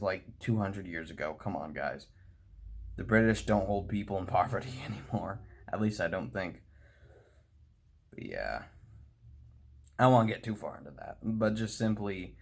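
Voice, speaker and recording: Working on a model train, this American man rambles in easy conversation and keeps chuckling at what he says. He has a lowish voice that is creaky with a breathy edge.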